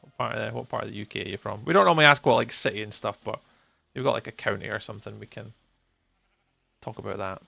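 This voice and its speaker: A man's voice: on the low side, quick pace, creaky, pushed and bright, dry recording, soft background music. A Scottish man live-streaming a game, chatting with viewers and muttering to himself as he plays. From Scotland. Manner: chatty, answers chat readers by name, mutters to himself while playing. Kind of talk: live-stream chat while gaming.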